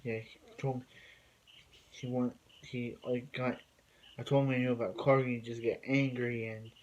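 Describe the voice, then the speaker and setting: A man's voice: medium pitch, flat delivery, normal speed, lo-fi sound. A man casually recapping a TV episode, rambling and filling gaps with many fillers and restarts. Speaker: TV episode reviewer.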